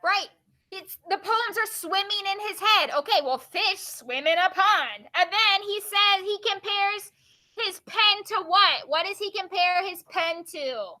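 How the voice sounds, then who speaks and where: A woman teacher reading poems aloud to her class and quizzing her students with quick questions. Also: extremely high pitch, pushed and bright.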